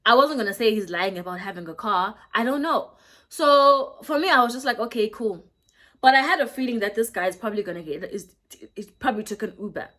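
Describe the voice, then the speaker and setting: A young South African woman in her twenties, telling a story in a casual vlog, lively and switching between English and Xhosa. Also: fairly high pitch, fairly quick. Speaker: YouTuber.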